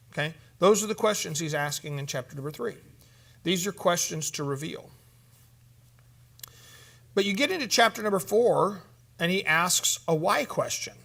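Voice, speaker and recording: A man with a high voice leads a church conference session. He talks emphatically, pauses to quiz his listeners, and slips into short acted counseling dialogues as examples. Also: vocal fry, a bit bright. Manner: emphatic, asks the room questions, acts out sample counseling dialogues. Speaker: conference teacher on biblical counseling.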